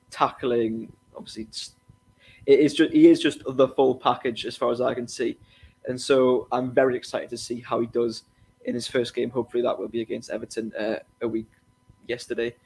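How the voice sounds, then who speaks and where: A man with an ordinary mid-range voice weighs up players in a relaxed podcast chat. He hedges, repeats words and restarts his sentences as he thinks aloud. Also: mid-range voice, breathy edge. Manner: hedging, repeats himself, many restarts. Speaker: podcast co-host. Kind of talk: casual football podcast chat.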